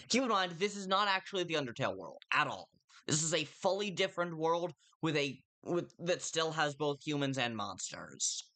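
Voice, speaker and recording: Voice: mid-range voice, a bit bright. A streamer chatting casually while playing a game, reading the dialogue aloud in put-on voices and rambling about the characters with a self-deprecating tone.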